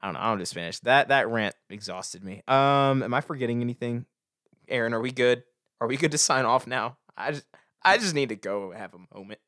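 A young man co-hosting a podcast in casual chat, ranting in a rambling, energetic way with stammered restarts. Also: mid-range voice, a little fast, dry recording, clean studio sound. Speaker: podcast co-host.

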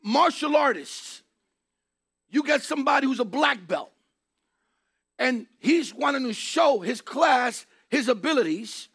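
A man preaching a sermon in an emphatic way, repeating key phrases and rising to shouts. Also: extremely high pitch, animated, a little slow, breathy edge.

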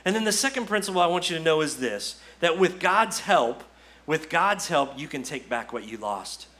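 Bright-voiced pastor preaching a sermon. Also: male voice, fairly high pitch, animated, normal speed. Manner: earnest, repetitive exhortation with rhetorical questions. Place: church.

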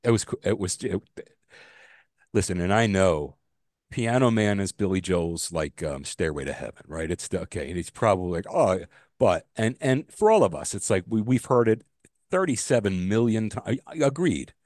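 A man co-hosting a casual podcast chat, telling stories with animation, his voice jumping high when he gets exasperated, and swearing freely. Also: animated, moderate pace, a little mellow, no echo, clean studio sound. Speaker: podcast co-host.

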